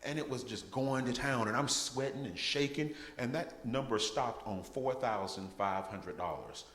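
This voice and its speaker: A man's voice: medium pitch, normal speed, fairly bright tone. A man giving a guest testimony at a church service, telling his story with humor and laughter. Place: church sanctuary. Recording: echoey church hall.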